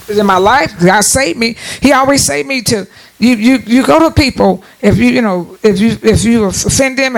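A woman in her sixties giving a casual preaching talk to her viewers. She is emphatic, repeats her words and restarts often, and her voice jumps up on the points she wants to stress. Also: on the high side. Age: 60s. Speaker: church speaker addressing viewers.

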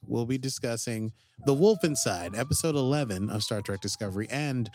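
A man co-hosting a casual podcast, playful and chatty, often reading quotes aloud with quick asides. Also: mid-range voice, animated, darkish tone, slight background noise. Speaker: podcast co-host.

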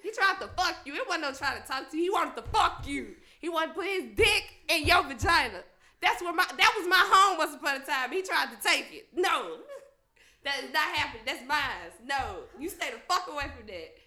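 A woman's voice: high-pitched, lively intonation, normal speed, pushed and bright, reverberant. A young woman telling a profane personal story in a casual, laughing way, acting out the lines of the people in it.

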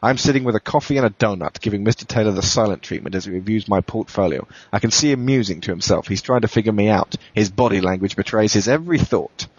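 A man, a podcast host, reading a first-person thriller in a steady, matter-of-fact way. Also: lowish voice, fast, hardly any pauses, slightly rough, dry recording. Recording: dull, dry lo-fi recording.

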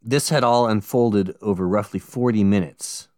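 Low smooth-voiced man telling a crime story. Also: normal speed, darkish tone, no room sound, studio quality. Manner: casual, swears freely, jokey asides. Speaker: podcast co-host. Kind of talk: casual true-crime podcast narration.

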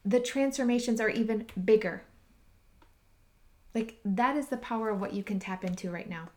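A woman hosting a podcast, telling a personal story in a slow, heartfelt way that sometimes drops to a near whisper. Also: on the high side, a little mellow. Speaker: podcast host and retreat leader.

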